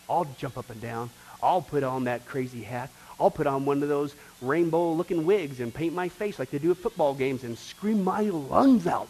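A man preaching with lots of energy and a somewhat high voice. He acts out little voices and moves from loud bursts to near-whispers. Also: moderate pace, hardly any pauses, slightly rough, low-quality recording. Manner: animated, acts out voices and swings from loud to hushed. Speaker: pastor. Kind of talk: sermon.

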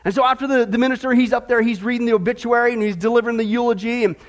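Guy preaching hard, really high voice, dips low then gets all fired up. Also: very fast. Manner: fervent preaching, swinging between low emphatic lines and high excited runs. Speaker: pastor. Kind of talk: sermon.

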